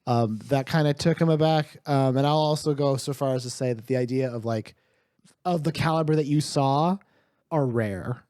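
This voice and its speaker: A man's voice: medium pitch, moderate pace, a little mellow, dry recording. A man narrating as game master of a tabletop game, rambling with lots of fillers and laughs.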